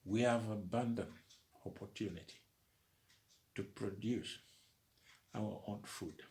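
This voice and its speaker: Slow, low-voiced man preaching. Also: darkish tone. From Uganda. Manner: slow, emphatic, preaching cadence. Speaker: commentator. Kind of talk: opinion monologue.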